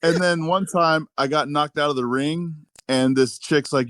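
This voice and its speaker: Guest wrestler, adult man, medium pitch, laid-back storyteller, dry close sound. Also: moderate pace, fairly bright tone, no room sound. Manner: laid-back, profane, anecdotal. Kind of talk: casual storytelling chat.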